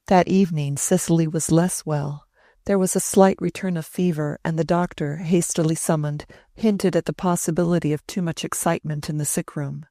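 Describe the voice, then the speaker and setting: Woman narrator, deep-ish voice, dry booth sound, measured classic-novel reading. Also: steady tone, warm tone, no echo. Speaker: audiobook narrator.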